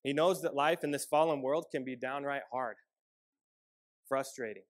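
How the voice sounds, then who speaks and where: A man preaching a sermon as a pastor, earnest and measured, often dropping softer on key lines. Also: medium pitch.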